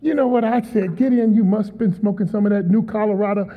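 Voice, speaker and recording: In a large church auditorium, a man with a high voice preaches fast as a guest speaker, emphatic and trading call-and-response with the congregation. The audio sounds tinny, with a long reverb from the hall.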